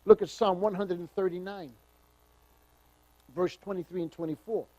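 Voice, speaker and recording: A man's voice: sits high, steady tone, normal speed, dark tone, no echo, lo-fi sound. A man pastor teaching the Bible verse by verse in a conversational, emphatic way, telling personal stories.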